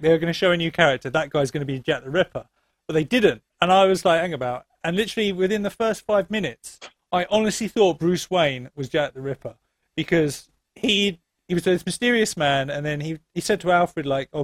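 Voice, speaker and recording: A man's voice: a little high, no echo. A man co-hosting a podcast, chatting casually about a film, laughing often and filling his talk with ums and likes. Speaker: podcast co-host.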